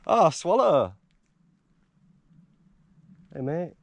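An English man vlogging from a high mountain trail, rambling and emotional, breaking into laughter. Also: creaky, dry recording. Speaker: hiker vlogger. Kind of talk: casual vlog talk.

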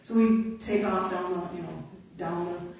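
Animated woman telling stories, echoey distant mic. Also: fairly low pitch, a little slow, vocal fry. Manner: animated, laughing, acts out quotes. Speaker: conservation officer giving a talk. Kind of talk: storytelling to an audience. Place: indoor talk venue.

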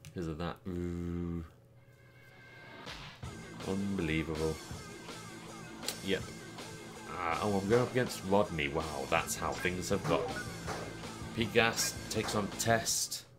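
A man's voice: low voice, slow pace, long pauses. A man giving casual, dry and self-mocking play-by-play commentary on a wrestling video game. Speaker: gaming streamer. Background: guitar game music.

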